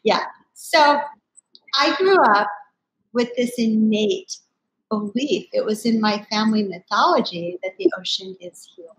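Expressive older woman telling a family story. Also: medium pitch, unhurried, low-quality recording. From United States. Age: 60s. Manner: animated, expressive storyteller who acts out family quotes. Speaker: company founder speaking at a summit. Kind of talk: personal storytelling in an interview.

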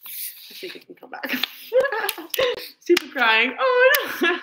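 Woman livestream host, high sharp voice, baby-talks her parrot, echoey room. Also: huge pitch swings, measured pace, vocal fry, long pauses, a little hiss or hum. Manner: coos baby talk to her bird, laughs often; reads out and thanks viewer comments. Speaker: pet parrot owner hosting a livestream. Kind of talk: casual livestream chat.

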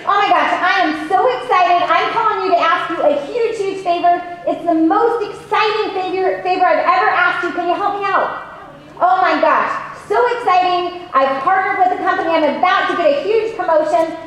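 A woman's voice: extremely high pitch, normal speed, fairly bright tone. A woman voicing an overexcited woman who gushes breathlessly while begging a favor. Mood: thrilled. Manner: breathless and gushing. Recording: very echoey hall, faint noise.

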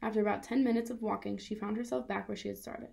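Lady reading a kids book out loud, calm, lots of vocal fry. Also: medium pitch, fast. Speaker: reader. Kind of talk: children's book read-aloud.

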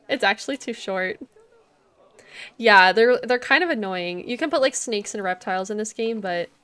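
A woman's voice: fairly high pitch, animated, unhurried, a bit bright, clear, resonant tone. A young woman livestreaming a zoo-building game, chatting casually, thinking aloud and greeting viewers in chat. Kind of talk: casual gameplay commentary.

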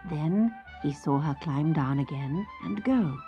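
A woman narrating a children's fairy tale in a slow, expressive sing-song, dropping at times to soft whispers, on a lo-fi tape. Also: low-pitched. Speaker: storyteller. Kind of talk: scripted children's story narration. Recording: lo-fi tape with faint music.

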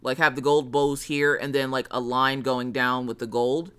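A bright-toned woman talks casually on a live stream, thinking aloud as she works. She greets viewers between thoughts, and a little music plays softly behind her. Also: extremely low pitch, level tone, normal speed, smooth. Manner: chatty, thinks aloud while drawing, greets chat.

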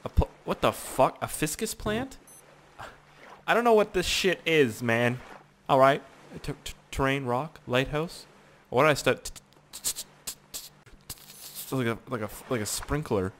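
A man giving casual gameplay commentary, talking to himself in a profane, excitable, rambling way. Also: mid-range voice, moderate pace, slight background noise. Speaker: gaming YouTuber.

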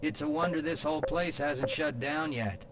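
A man's voice: a little high, moderate pace, very noisy, close to an everyday voice. An actor playing a tired male security guard in a game, complaining in a matter-of-fact way. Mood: weary. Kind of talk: game voice acting.

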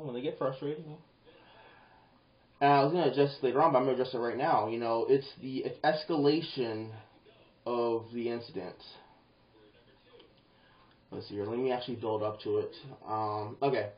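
A man giving advice in a casual monologue, animated and rambling, breaking into quoted voices and swearing now and then. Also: mid-range voice, brisk, pauses often. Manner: animated, acts out quoted lines in bursts, swears; rambling with restarts and fillers. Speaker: vlogger. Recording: roomy, dull lo-fi home video.

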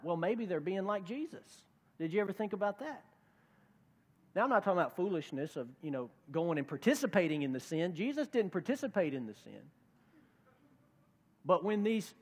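A man's voice: high voice, animated, fairly quick, long reverb tail. A male pastor preaching a conversational sermon, acting out the voices of the people he quotes. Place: church sanctuary.

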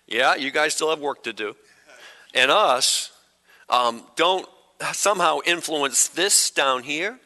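A middle-aged pastor preaching a sermon, conversational, with quick humorous asides. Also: male voice, a little high, bright, forceful tone. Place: church sanctuary. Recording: long hall reverb.

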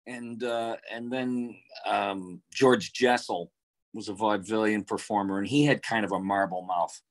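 An older man, a voice actor, answering interview questions over a video call in a relaxed, anecdotal way. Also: fairly low pitch, measured pace. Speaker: voice actor guest.

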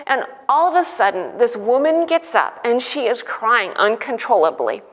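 A woman's voice: a little high, animated, normal speed, big-room sound. A woman giving an earnest devotional teaching, telling a church story with fervor. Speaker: devotional speaker.

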